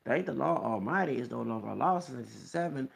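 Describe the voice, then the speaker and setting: A Texas video blogger rants to the camera in a heated, rambling monologue, insistently tagging his sentences with "okay?" to drive each point home. His voice is mid-range, husky and animated, with vocal fry, and he talks fast.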